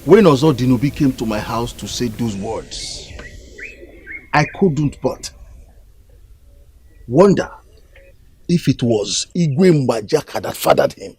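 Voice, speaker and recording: An actor with a Nigerian accent playing a village nobleman speaking in a measured, conspiratorial way, in a film drama. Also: medium pitch, lively intonation, a little mellow, slight background noise. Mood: conspiring.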